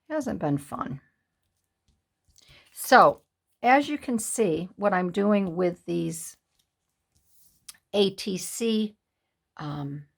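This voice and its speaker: A woman in her sixties chatting to camera as a craft vlogger, halting and upset, with many pauses and restarts. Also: on the low side, creaky. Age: 60s. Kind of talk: casual chat to camera.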